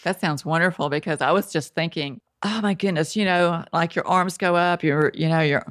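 A woman's voice: fairly low pitch, fairly even intonation, normal speed. A woman hosting a casual interview, asking chatty, rambling questions. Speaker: podcast host.

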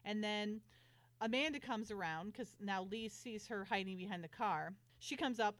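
Woman co-host, casual recap talk, mid-pitched, dry close mic, bursts into high voices for quotes. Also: moderate pace, fairly bright tone, no echo. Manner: acts out characters' lines in high voices, laughs often. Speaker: podcast co-host. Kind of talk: casual chat recapping a TV episode.

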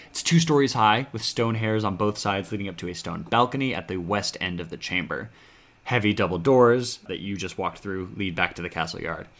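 A man's voice: on the low side, fairly bright tone. A man running a tabletop game as game master, narrating in a laid-back, rambling way with many fillers.

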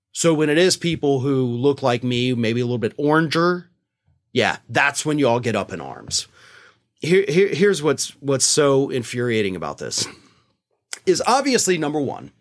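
Animated, sarcastic male political commentator. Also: mid-range voice. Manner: sarcastic, indignant, mocking.

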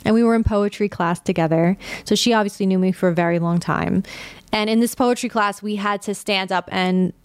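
A young adult woman hosting her own podcast, talking candidly and casually, with a light vocal fry and the odd curse word. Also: medium pitch, brisk, no echo. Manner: candid, conversational, swears casually. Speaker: podcast host. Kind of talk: personal podcast monologue.

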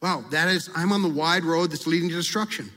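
A man's voice: fairly high pitch, brisk, sharp tone, big-room sound. A male pastor preaching in a conversational way, acting out prayers and confessions as he talks. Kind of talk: sermon.

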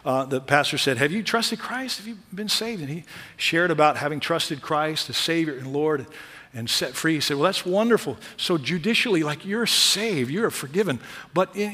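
Bright-voiced man preaching in a hall. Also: fairly high pitch. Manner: builds from quiet asides to loud emphatic peaks. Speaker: pastor. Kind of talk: sermon.

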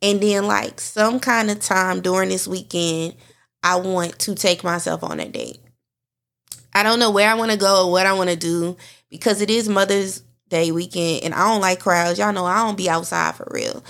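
Gravelly and slightly bright, this woman's mid-range voice keeps a steady tone at normal speed. As a podcast host and adult mother, she offers listeners a heartfelt, candid monologue addressed straight to them.

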